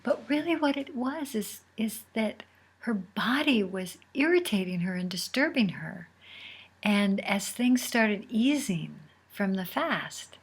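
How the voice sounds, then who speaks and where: A woman host telling a personal story in a casual, unhurried way, sometimes dropping to a near whisper. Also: mid-range voice, husky. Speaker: podcast host.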